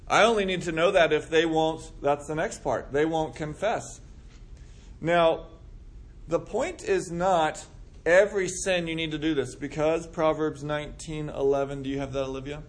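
A man's voice: a little high, moderate pace. A man leading a group Bible study, talking conversationally and acting out what people might say. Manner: conversational, acts out quoted remarks. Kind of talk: casual Bible study teaching.

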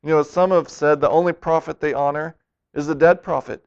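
A man's voice: a little high, steady tone, fairly quick, clean tone. A man preaching a sermon as a pastor, earnest, acting out the voices he quotes. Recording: dull lo-fi recording.

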